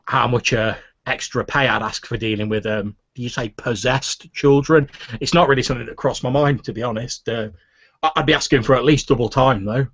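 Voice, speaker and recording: Man doing a stammering, apologetic guard, husky and a bit raised. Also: mid-range voice, brisk, fairly bright tone, no room sound. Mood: candid. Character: nervous, stammering young male town guard. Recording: muffled lo-fi recording.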